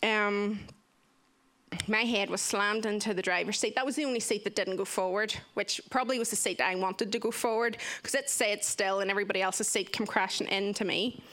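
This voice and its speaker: A woman's voice: medium pitch, a little fast. A young woman tells a personal story vividly, acting out what people said. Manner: vivid, animated retelling with acted-out quotes. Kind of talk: personal story told to listeners.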